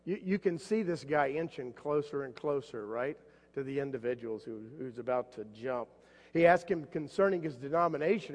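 A male pastor preaching in a big reverberant church, his voice sitting fairly high. He tells stories with animation and jumps up in pitch whenever he voices a character. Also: moderate pace. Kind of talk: sermon. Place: church sanctuary. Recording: long hall reverb.

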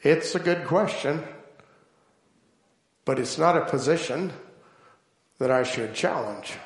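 A man preaching a sermon, telling stories slowly and deliberately and building to emphatic points. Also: a little high, animated, roomy sound. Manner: slow, deliberate storytelling with emphatic build-ups.

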